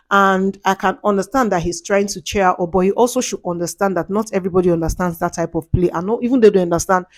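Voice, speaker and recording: Animated Nigerian woman gossiping, dry sound. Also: mid-range voice, no room sound. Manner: animated, dramatic gossip with Pidgin asides. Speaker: reality show commentator. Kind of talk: casual chat.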